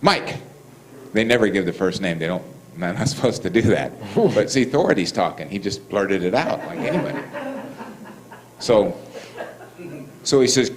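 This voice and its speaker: Male storyteller, lively pitch, acts out dialogue, laughs through it. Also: moderate pace, pauses often, rough recording. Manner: animated, acts out both sides of the dialogue, laughs often. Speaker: speaker telling stories. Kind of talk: anecdotal storytelling to an audience.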